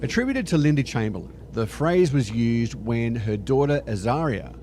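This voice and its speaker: A man with an Australian accent reads a scripted narration in a wry, joking manner. His voice sits at an ordinary middle pitch, and music plays clearly underneath him. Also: big pitch swings, moderate pace, a little mellow. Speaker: narrator of a video being reacted to.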